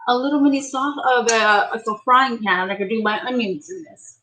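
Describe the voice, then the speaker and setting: A middle-aged woman vlogging an excited unboxing in her home kitchen, gushing and exclaiming often. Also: fairly high pitch, fairly quick, low-quality recording.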